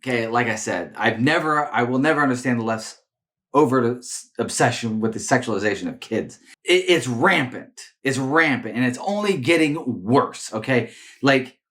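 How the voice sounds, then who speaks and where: A man speaking with a lively, swinging pitch as he runs his commentary show. He stumbles and doubles back on his words, restarting sentences, in a loose, off-the-cuff way. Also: moderate pace. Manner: animated, repeats words and restarts often. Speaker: political commentary host. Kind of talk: casual opinion commentary to camera.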